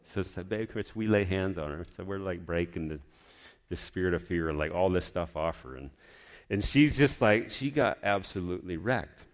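A man preacher telling a personal testimony as a lively storyteller, often sinking into a hushed, low voice. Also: moderate pace.

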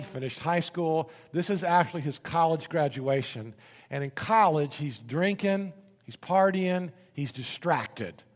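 A man preaching a sermon as a pastor, telling a story with energy and rising to emphatic bursts. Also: on the high side. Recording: long reverb of a large hall.

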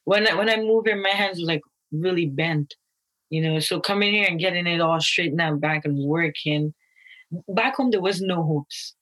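A young woman from Guyana speaks in a casual, loose interview manner, stacking fillers and restarting her sentences. Her voice sits a little low for a woman. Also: normal speed, low-quality recording. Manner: casual, many fillers and restarts, quotes others in lively voices. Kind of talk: candid interview talk.

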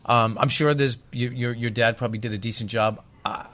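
A man hosting a podcast interview, casual and halting as he asks questions. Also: mid-range voice, fairly even intonation, a bit bright. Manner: halting, many fillers and restarts while asking. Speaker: podcast host.

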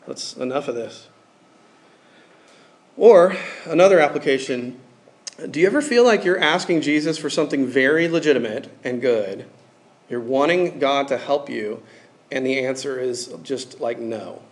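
A man's voice: mid-range voice, normal speed. A man giving a casual, conversational sermon, talking informally with many fillers like "like" and "um".

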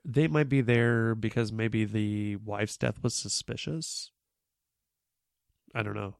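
A man with a low, gravelly voice and plenty of vocal fry talks through a movie plot in casual podcast chat. His delivery is laid-back and loose, with ums and likes. The sound is dry and close. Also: takes it slowly, no room sound. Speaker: podcast co-host.

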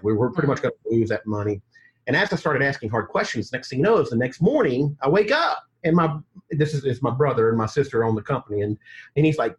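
A man with a Southern American accent, a guest telling his story in a casual podcast interview, animated, laughing often and acting out quotes. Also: medium pitch, quick pace. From United States. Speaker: guest, agency coach.

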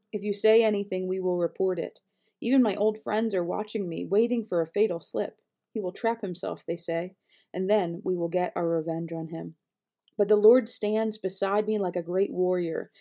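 A woman reading scripture aloud in a measured, steady delivery, now and then correcting a slip. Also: mid-range voice. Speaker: Bible reader.

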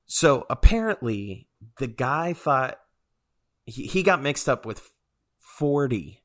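A man's voice: mid-range voice, very animated, takes it slowly, fairly bright tone. A man co-hosting a casual chat show, telling a rambling story full of fillers and frequent chuckles.

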